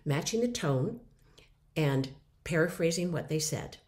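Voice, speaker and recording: A middle-aged woman giving a lively mini lecture on listening, acting out example replies. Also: deep voice, measured pace.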